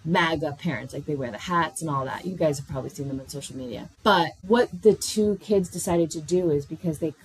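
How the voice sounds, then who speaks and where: A woman hosting her own podcast, telling personal stories in a candid, animated way, swearing freely. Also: a little hiss or hum, rough recording. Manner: animated, swears freely, jumps into high voices when quoting herself. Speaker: podcast host. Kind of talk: candid solo podcast storytelling.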